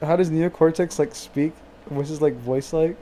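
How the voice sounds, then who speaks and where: A man's voice: on the high side, steady tone, normal speed, warm tone. A man co-hosting a casual game podcast, joking around and drifting off topic. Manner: jokey, goofs off topic, laughs a lot. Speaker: podcast co-host. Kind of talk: casual chat about video games.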